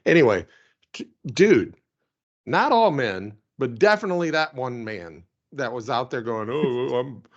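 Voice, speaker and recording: A man's voice: mid-range voice, sing-song, measured pace, dull audio. A man co-hosting a casual talk show, with a dry, wry sense of humor, laughing at his own jokes. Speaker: podcast co-host. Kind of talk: casual chat.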